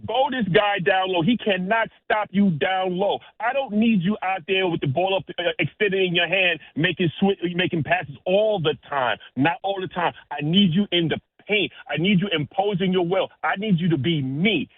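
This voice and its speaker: Hyped-up guy calling in on a phone, high voice, tinny line, slangy fast talk. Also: no echo. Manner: excited, fast street slang. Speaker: caller. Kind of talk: call-in sports talk.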